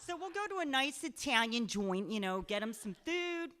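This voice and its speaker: A young woman telling a funny personal story on stage, chatty and self-deprecating, full of fillers and quick laughs. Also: fairly high pitch, very animated, fairly bright tone. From Pennsylvania. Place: live show in a cultural center.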